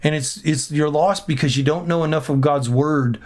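A man's voice: a little high, fairly even intonation, normal speed, darkish tone. A man who is a pastor, talking in a podcast conversation and preaching earnestly, often repeating phrases for emphasis.

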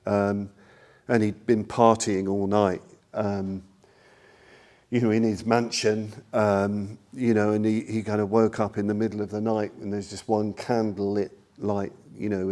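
Warm-voiced older man giving a Dharma talk. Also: fairly low pitch. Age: 60s. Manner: rambling, self-deprecating, many fillers. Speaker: Buddhist teacher.

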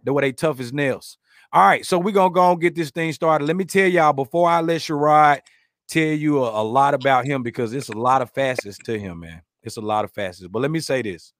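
A man hosting a podcast, chatting casually, joking, rambling through stories and giving shout-outs to listeners. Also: mid-range voice, a little fast, dry recording, studio quality. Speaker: podcast host.

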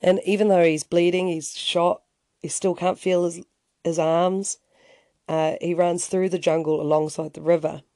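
A man's voice: on the high side, level tone, normal speed, darkish tone, dry recording. A man hosting a podcast, telling a story in a casual, rambling way with many restarts and wry asides. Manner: conversational, rambling, frequent restarts and "you know". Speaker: podcast host.

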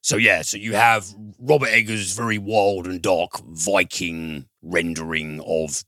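A man's voice: low-pitched, fairly even intonation, measured pace, bright, forceful tone, no echo. A man reviewing a film in casual chat, rambling and profane, with frequent fillers and restarts.

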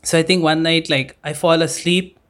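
A high-voiced man telling a rambling story. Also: steady tone, normal speed, fairly bright tone. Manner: laughs often, swears casually, rambling storytelling. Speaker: podcast co-host. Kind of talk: casual chat.

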